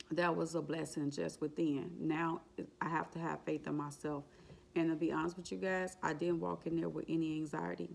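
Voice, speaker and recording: A vlogger with a deep, gravelly, slightly mellow voice retells her exam story, an emotional and faith-filled tale told casually and repetitively. She exclaims and laughs as she goes.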